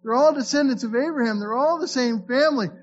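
A man with a fairly high voice preaches a sermon in a loose, conversational manner. He reads scripture aloud and often stumbles into repeated words as he restarts. The recording is slightly dull and lo-fi, with a faint hum underneath. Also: fast. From Florida. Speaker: pastor.

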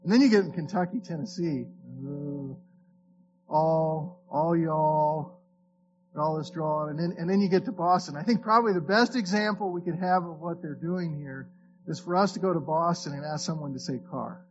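Talking fast in a fairly high voice, this male pastor from Florida delivers a conversational sermon, reading scripture and frequently restarting his words. The sound is lo-fi with background noise.

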